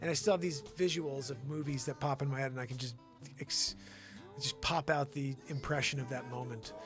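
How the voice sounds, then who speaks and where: A man hosting a casual comedy news livestream, calling out names of viewers in lively shout-outs. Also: mid-range voice, fairly quick, over music. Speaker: host. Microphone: desk mic.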